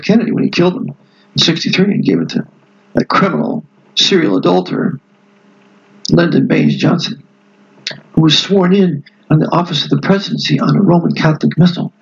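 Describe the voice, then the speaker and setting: A man's voice: on the high side, fairly quick, vocal fry, muffled recording. A man reading a history book aloud to a book club and breaking off into emphatic, digressive asides to his listeners. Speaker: book club reader and host.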